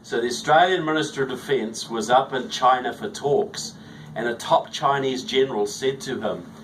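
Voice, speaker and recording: A man's voice: medium pitch, moderate pace, a bit bright. A man with a New Zealand accent, a guest on a radio talk show, speaking in a chatty way that is full of "look" and "you know". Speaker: guest author. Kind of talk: radio interview. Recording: distant mic, faint background noise.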